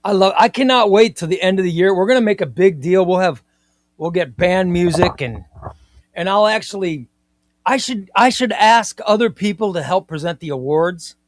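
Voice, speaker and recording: A man hosting a comics live stream, chatting in an excitable, rambling way and often repeating himself. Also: high-pitched, normal speed, dry recording. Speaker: comics livestream host. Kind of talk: casual live-stream chat.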